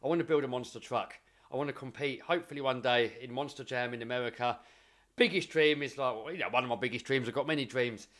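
A man's voice: mid-range voice, quick pace, a bit bright. A young adult man vlogging, telling a motivational story casually and earnestly, often repeating words as he builds momentum.

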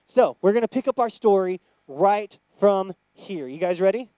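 Man, very high voice, dry close sound, excitable kids' church teacher, playful. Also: moderate pace, smooth, no echo. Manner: excitable, playful, loud cheers. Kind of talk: energetic Bible lesson for young kids. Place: church children's room.

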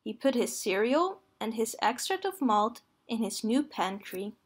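A woman reads a children's story aloud in a gentle, clear manner. Her voice sits fairly high and her pace is slow and unhurried, suited to young listeners. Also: sing-song.

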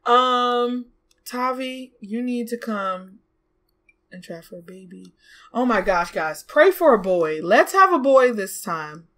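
A young woman giving casual let's play commentary, chatty and exclamatory, bossing her game characters around out loud and gasping and laughing easily. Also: fairly high pitch, animated. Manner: chatty, scolds and coaxes the game characters aloud; exclamatory, quick to gasp and laugh. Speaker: gaming YouTuber.

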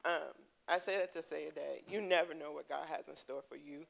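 A woman giving a heartfelt personal testimony to her church, earnest and quick to laugh. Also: low-pitched, creaky, low-quality recording. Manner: earnest, laughing, breaks into excited storytelling. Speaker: congregation member giving testimony. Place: church sanctuary.

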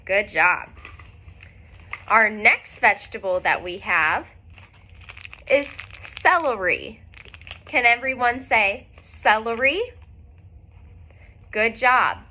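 A woman teacher leading a recorded phonics lesson for young children, speaking clearly and encouragingly with frequent praise. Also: fairly high pitch, slow, long pauses, bright, forceful tone, a little hiss or hum.

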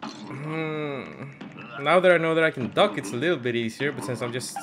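A young man giving casual gaming commentary, swearing and frustrated, with loud outbursts. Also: medium pitch, lively intonation, normal speed, a little hiss or hum. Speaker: gameplay streamer.

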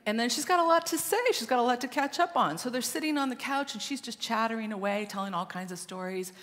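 Recorded in a church sanctuary, a woman pastor tells her sermon as a story, alternating between loud passages and hushed ones. Her voice is a little high and she speaks fast, with the sound of a large hall around her.

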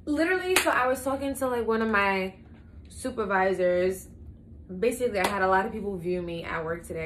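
Candid young woman vlogging in an echoey room. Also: mid-range voice. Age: young adult. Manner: candid, blunt and swearing; animated storytelling, acting out her own quotes. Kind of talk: casual confessional vlog. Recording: echoey room with faint ambient noise.

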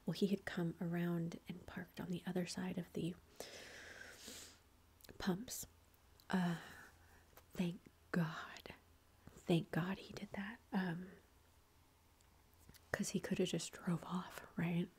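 A woman's voice: lowish voice, flat delivery, slow, long pauses, darkish tone, slight background noise. A woman whispering a long rambling story as an ASMR chat, with lots of fillers. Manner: breathy whispering throughout. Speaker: ASMR creator.

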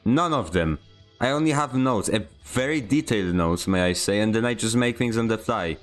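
A man's voice: fairly low pitch, lively intonation, moderate pace, faint music behind. A man from Poland with a Polish accent, streaming a game and chatting with viewers in a rambling, self-deprecating way. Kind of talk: casual gameplay stream commentary.

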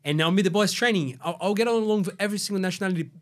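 Born in Brazil and raised in Australia, this man speaks with an Australian accent as a podcast guest in a casual storytelling interview. He rambles loosely, swears a lot, and uses plenty of fillers, talking very fast in a high-pitched voice.

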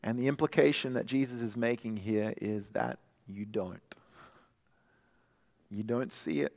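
A male pastor preaching a sermon in a conversational way, stumbling and restarting, then dropping soft and quiet for scripture. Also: lowish voice, steady tone, a little slow. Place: church sanctuary. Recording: long church hall reverb.

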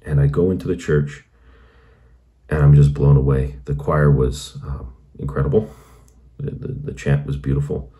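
Very deep-voiced man telling his story. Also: steady tone, moderate pace, warm tone, muffled recording. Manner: earnest, meandering, heavy on "you know". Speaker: channel host. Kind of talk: personal conversion story.

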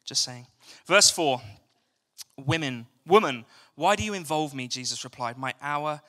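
In a church hall, a young man from England delivers a relaxed evening sermon full of jokes and questions for the congregation. His voice sits on the high side, and he speaks a little slowly in a pushed, bright way.

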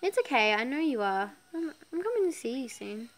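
A man's voice: extremely high pitch, sing-song, brisk, a bit bright, exaggerated voice. A young woman reading the lines of a menacing man just out of prison, creepily cheerful, with faint background noise.

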